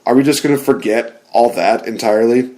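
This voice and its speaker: A young man co-hosting a casual wrestling chat, excitable and rambling, laughing often. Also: medium pitch, a little fast. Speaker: podcast co-host.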